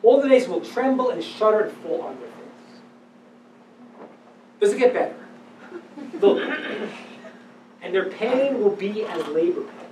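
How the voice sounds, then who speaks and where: A man teaching as a rabbi, giving a lecture on religious texts to a live audience. He speaks with animated emphasis, dropping to hushed tones and then rising to loud declarations. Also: high-pitched, unhurried, long pauses, slight background noise. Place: event hall with audience. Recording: roomy, distant live-event recording.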